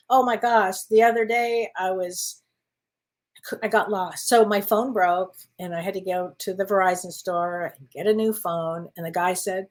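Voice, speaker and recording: A woman's voice: mid-range voice, moderate pace. A woman working as a spiritual medium, giving card readings in casual, affectionate chat and calling listeners honey.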